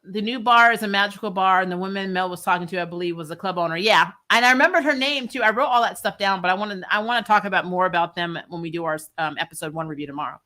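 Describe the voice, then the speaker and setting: A woman hosting a casual live stream, chatting and answering viewer comments, with frequent laughs and quick asides. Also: medium pitch, pushed and bright. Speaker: YouTube host discussing a TV series.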